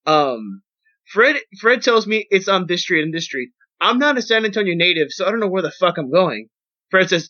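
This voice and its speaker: A young man telling a rambling, profane, animated story on a podcast as its host. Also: sits high, normal speed. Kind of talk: casual storytelling. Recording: dull lo-fi podcast audio.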